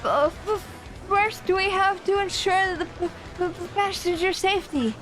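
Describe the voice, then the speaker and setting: A woman's voice: very high-pitched, moderate pace, fairly bright tone, faint music behind, voice pushed up. A woman voicing a nervous, polite male train engineer in a video game, stammering over his words. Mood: flustered.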